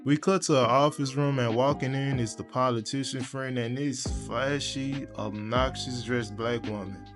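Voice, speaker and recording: A man's voice: mid-range voice, steady tone, moderate pace, over music. A young man reviewing a movie in a casual, crude and sarcastic manner, full of profanity. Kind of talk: casual video commentary.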